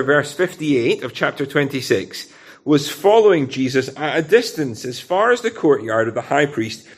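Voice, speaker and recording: A man with a Scottish accent preaching an expository sermon in a conversational way, often asking rhetorical questions. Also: medium pitch.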